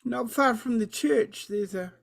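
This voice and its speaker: A woman with an Italian accent playing in a tabletop game, talking eagerly in halting bits and repeating her words. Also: on the high side, vocal fry. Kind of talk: casual play and chat.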